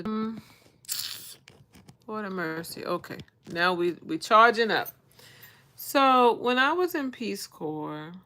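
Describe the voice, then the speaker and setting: An older American woman talks slowly and unhurriedly to her livestream viewers from her bedroom, her voice bright and clear. She chats loosely and reads out viewer names as she goes, picked up by her phone. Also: on the low side. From United States. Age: 60s. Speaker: vlog host. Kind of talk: casual livestream chat.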